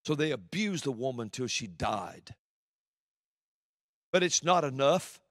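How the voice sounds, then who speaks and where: A man preaching a sermon from the pulpit, swinging between loud declarations and hushed, low passages. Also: lively intonation, a little slow, no room sound, clean studio sound.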